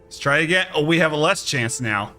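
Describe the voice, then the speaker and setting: A male streamer playing a game, animated and playful, often reading the hero's lines aloud. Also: a little high, fairly quick, soft background music. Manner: animated, playful, reads dialogue aloud, laughs. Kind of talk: casual game let's play.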